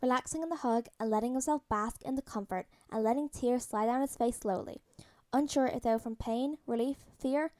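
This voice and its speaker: A woman narrating a story aloud as a podfic, her voice fairly high yet mellow and warm. She reads in a soft, even storytelling manner, steady from line to line. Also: fairly quick. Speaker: podfic reader. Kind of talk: audiobook-style fan fiction reading.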